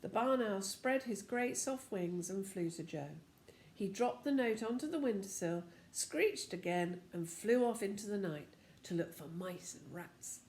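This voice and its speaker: An older woman reading a children's storybook aloud as a lively storyteller who talks to the listener. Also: mid-range voice, unhurried, roomy sound.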